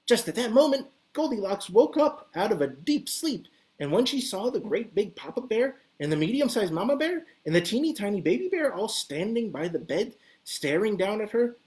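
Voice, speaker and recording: A woman reading a children's story aloud as an expressive, animated storyteller. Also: medium pitch, moderate pace.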